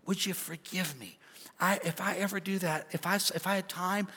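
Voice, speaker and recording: A male pastor preaches from a stage mic, animated and conversational, joking with his congregation. His voice is bright and fairly high for a man. It carries through a large auditorium with long reverb. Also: normal speed, husky. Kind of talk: sermon. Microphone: stage microphone.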